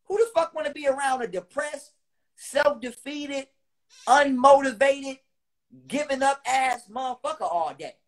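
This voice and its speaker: Unhurried yet heated, an online speaker swears his way through a monologue aimed at his audience. Lines get repeated for emphasis, and loud bursts break up his quieter, lower-pitched stretches.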